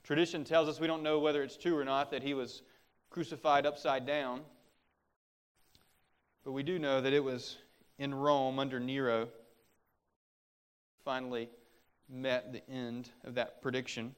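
A man's voice: mid-range voice, little pitch movement, unhurried, pauses often, smooth. A middle-aged man preaching a sermon as a pastor, earnest and exhorting, pressing harder on his warnings.

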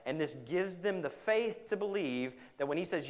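A man's voice: fairly high pitch, lively intonation, normal speed. Man preaching with dynamic, swinging delivery. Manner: dynamic delivery, swinging between loud emphasis and hushed quotes; conversational asides with "right?". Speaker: pastor. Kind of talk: sermon.

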